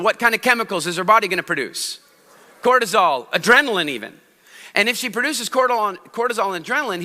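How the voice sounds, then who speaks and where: A man giving a stage talk on public speaking to a live audience, telling animated stories and asking the audience questions. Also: sits high, big-room sound.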